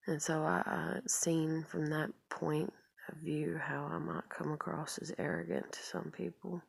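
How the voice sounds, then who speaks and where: A woman's voice: low-pitched, little pitch movement, unhurried, gravelly, breathy edge, dry recording. A woman talking in a rambling confessional vlog, full of fillers and trailing off into whispered asides. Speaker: vlogger.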